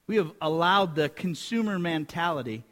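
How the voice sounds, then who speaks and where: Keeping things conversational, this high-voiced pastor slips joking asides to the congregation between his sermon's points, his voice ringing through the church sanctuary with a long reverb tail. He's expressive and a bit bright, speaking at a normal speed.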